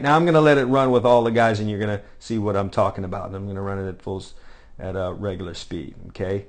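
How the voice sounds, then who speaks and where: A man coaching defensive backs, talking over video of a drill and repeating short cues with frequent "all right?" checks. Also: lowish voice. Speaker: football coach.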